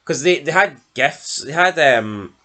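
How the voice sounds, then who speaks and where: A man's voice: on the high side, animated, measured pace, bright, forceful tone. Sweary Scottish man reviewing a show. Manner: blunt, sweary, mocking. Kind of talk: casual podcast review chat.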